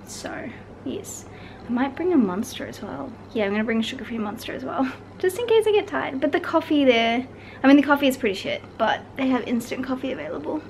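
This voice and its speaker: A woman's voice: a little high, slight background noise, poor audio. A woman vlogging from her apartment, talking in a candid, rambling way and swearing freely. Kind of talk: casual vlog chat to camera. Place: at home in an apartment.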